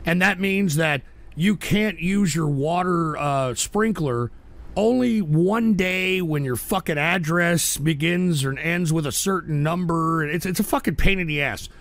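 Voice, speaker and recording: A man hosting a livestream and reading chat aloud, swearing constantly and shouting back at viewers. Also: a little high. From Texas. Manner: profane, combative, shouts at chat. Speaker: livestream host.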